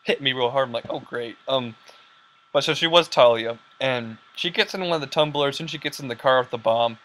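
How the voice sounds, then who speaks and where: A young man hosting a casual podcast, rambling excitedly with lots of fillers and quoted lines. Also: mid-range voice, brisk. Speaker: podcast host. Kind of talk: casual chat.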